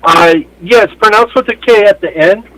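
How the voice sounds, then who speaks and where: A man calling in by phone as a charity chapter leader, speaking in a halting, matter-of-fact way with many fillers. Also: sits high, bright, forceful tone, rough recording. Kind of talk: casual phone interview. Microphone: phone call.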